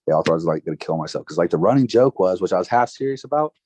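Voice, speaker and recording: A man in his twenties, a podcast guest, telling a personal story in a casual, halting way with many fillers and restarts. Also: sits low, expressive, a little mellow, husky, no room sound. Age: 20s. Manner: emotional, recounting grief.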